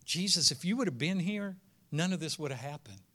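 A man's voice: a little high, expressive, brisk, fairly bright tone. A male preacher, reading scripture aloud and breaking into casual asides that build to emphatic peaks. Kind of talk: sermon.

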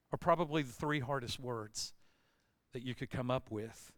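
A man pastor preaching a sermon, retelling a scripture story in plain everyday words and building to loud emphatic bursts. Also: mid-range voice, lively intonation, normal speed, no echo.

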